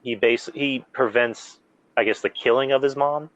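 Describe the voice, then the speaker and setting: A man hosting a casual podcast, rambling excitedly through story recaps with lots of fillers. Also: mid-range voice, normal speed, muffled recording. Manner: rambling, animated fan recounting plots with many fillers. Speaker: podcast host. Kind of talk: casual chat.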